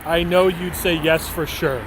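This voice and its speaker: A man's voice: fairly high pitch, fairly even intonation, measured pace, fairly bright tone. A man live-streaming outdoors on a city street at night, answering viewers' messages in a rambling, joking way that often breaks into laughter. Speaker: IRL livestreamer. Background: faint traffic and street ambience.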